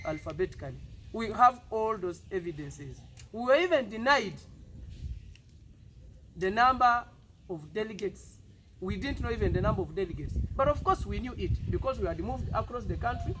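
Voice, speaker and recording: Ugandan male politician at a press statement, high-pitched, forceful repetitions, light noise behind. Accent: Ugandan English. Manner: defiant, emphatic, rhetorical repetition. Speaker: party politician.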